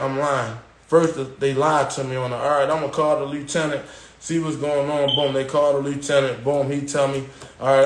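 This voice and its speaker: A man casually telling a long story on a live stream, dropping "yo" and "boom" as he goes and acting out the voices of others. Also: reverberant. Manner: animated retelling, acting out quoted guards and inmates with raised pitch; slangy, repeats "yo" and "boom". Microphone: phone.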